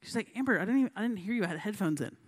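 A woman's voice: mid-range voice, expressive, very fast. A young woman giving a casual storytelling sermon as a youth pastor, chatty, full of fillers, acting out voices in her stories.

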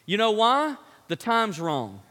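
A man with a high voice delivers a sermon as a pastor, pressing his points home by repeating short phrases. His words ring out with a long reverb from the hall around him. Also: wildly swooping pitch, slow, bright, forceful tone. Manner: emphatic preaching, repeating key phrases.

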